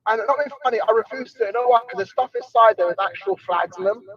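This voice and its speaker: A man's voice: high-pitched, quick pace, a bit bright, dull audio. A man in a heated online argument, mocking and taunting, repeating himself.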